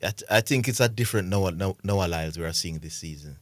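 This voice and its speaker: A man's voice: low-pitched, fast talker, no room sound. A man with a Jamaican accent co-hosting a sports radio show, giving emphatic opinions in a laid-back, casual way.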